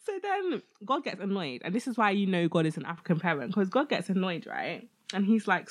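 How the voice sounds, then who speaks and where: A woman co-hosting a casual chat, retelling Bible stories in an animated, jokey way. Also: medium pitch, brisk, hardly any pauses. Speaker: podcast co-host.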